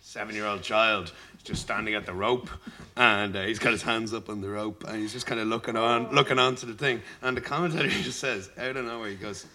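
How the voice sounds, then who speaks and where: A band member appearing as a podcast guest tells a rambling, casual story, groping for words in a steady, lowish voice that runs a little fast. He's recorded in a bar with pub crowd chatter in the background.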